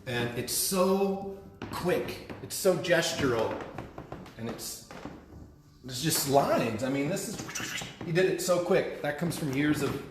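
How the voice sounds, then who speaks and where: A man's voice: fairly high pitch, lively intonation, slow. A man casually giving a live-stream gallery tour, chatty and enthusiastic about the art. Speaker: gallery host. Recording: echoey room with faint noise.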